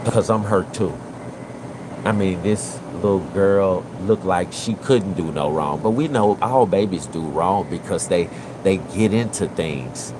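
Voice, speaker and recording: Slow, low-voiced man streaming live, audible noise. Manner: earnest, repetitive, speaks to the chat directly. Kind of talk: emotional live-stream commentary.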